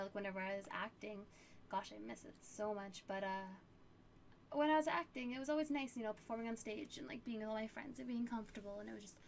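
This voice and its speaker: A woman's voice: a little high, gravelly, a little hiss or hum. A young woman streamer chatting casually while answering viewer questions, full of fillers and laughter. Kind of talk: casual chat.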